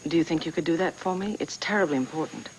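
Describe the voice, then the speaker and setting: A woman's voice: low voice, quick pace, a little hiss or hum, poor audio. An actress playing a persistent, insistent woman in a 1980s TV soap opera, pressing politely for what she wants. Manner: insistent, gushing. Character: pushy, persistent woman chasing old files.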